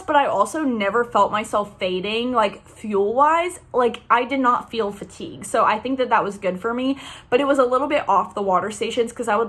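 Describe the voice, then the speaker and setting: A woman's voice: on the high side, a bit bright. A young woman bubbly and chatty, telling the story of her race in a casual recap with lots of fillers. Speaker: running vlogger.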